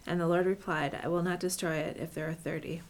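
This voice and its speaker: Low-voiced woman reading scripture. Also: little pitch movement, quick pace, a little hiss or hum. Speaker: scripture reader.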